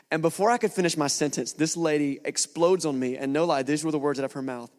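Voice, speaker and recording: A man in his thirties preaching a sermon, telling stories with lively acted-out quotes. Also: fairly high pitch, fairly quick, hardly any pauses. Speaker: pastor. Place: church hall. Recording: long church hall reverb.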